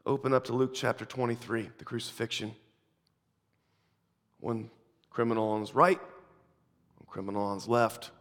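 A man preaching and telling stories, who swings from hushed, slow lines to fervent ones. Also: mid-range voice. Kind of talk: sermon with storytelling. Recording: long reverb of a large hall.

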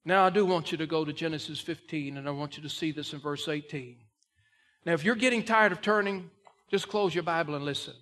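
A male pastor preaching a sermon in a folksy way that builds to loud, emphatic climaxes. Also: a little high, fairly quick.

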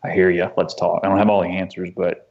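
A man telling a personal story as an interview guest, earnest and halting, often restarting his sentences. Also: low-pitched, level tone, vocal fry, a little mellow, dull audio. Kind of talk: conversational storytelling.

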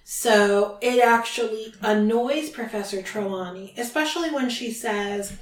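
A woman hosting a podcast, casually retelling a book chapter in chatty, animated fashion. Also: on the high side, measured pace, hardly any pauses. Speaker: podcast host. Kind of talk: casual book recap chat. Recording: roomy, distant from mic.

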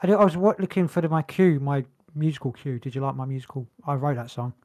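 A man's voice: on the high side, fairly even intonation, fast, darkish tone, no room sound. A man co-hosting a podcast in casual chat, joking around. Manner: jokey, breaks into silly singing. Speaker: podcast co-host.

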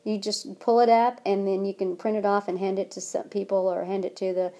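A woman's voice: mid-range voice, little pitch movement, a little fast, warm tone. A woman giving child care advice in an interview, earnest and emphatic, acting out little examples as she goes. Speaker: guest, child care trainer.

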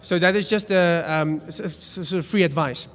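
A man's voice: a little high, normal speed. A man preaching a sermon, telling a story in a chatty, self-deprecating way. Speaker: pastor. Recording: long hall reverb.

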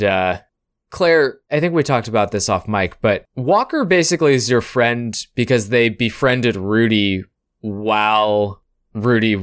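A man narrating a tabletop role-playing game as game master, in a relaxed, wry way. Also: lowish voice, no echo, clean studio sound.

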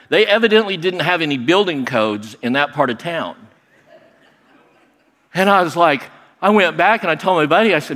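A man telling a personal story to an audience, animated and acting out what people said. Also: on the high side, moderate pace. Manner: animated, acts out quoted voices. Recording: long hall reverb.

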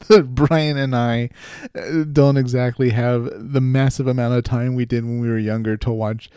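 A man's voice: mid-range voice, fairly even intonation, normal speed, dark tone, clear, resonant tone, no room sound, clean studio sound. A man co-hosting a casual podcast chat, joking and laughing often. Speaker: podcast co-host.

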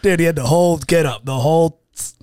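A man's voice: a little high, quick pace, darkish tone. A man co-hosting a podcast, telling a story in casual chat and mimicking the people in it. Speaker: podcast co-host.

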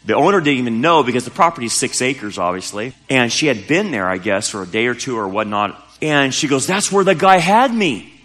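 A man's voice: mid-range voice, expressive, brisk, hardly any pauses, pushed and bright. A man preaching a sermon as pastor, telling a story in a casual, conversational way with emphatic rises. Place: church sanctuary. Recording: church hall with long reverb.

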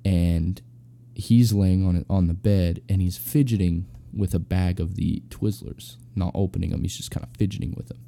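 A man's voice: sits low, fairly even intonation, normal speed, gravelly, dark tone. A young adult man casually telling a personal anecdote, rambling and slangy with lots of fillers. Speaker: storyteller.

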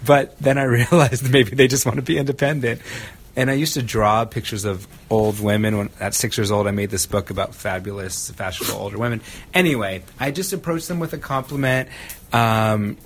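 A man, a street style photographer, chatting casually and telling animated stories with frequent laughter. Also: mid-range voice, fairly quick, a little hiss or hum. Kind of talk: casual chat.

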